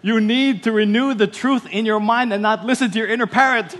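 A man's voice: sits high, fairly even intonation, fairly quick, fairly bright tone, slight background noise. A man with a Filipino accent preaching a sermon as pastor, telling stories and repeating key lines.

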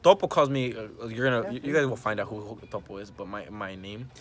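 A man's voice: fairly low pitch, fairly even intonation, a little fast. A teenage boy hosting a casual vlog from a clothing store, recording on a handheld phone, talking in a rambling, stumbling way and laughing a lot. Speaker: vlog host. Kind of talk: casual chat.

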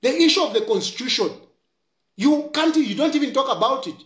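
Zambian man, political commentator, animated voice, echoey room, scolding tone, mixes English and Bemba. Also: very high-pitched, fairly quick. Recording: roomy echo.

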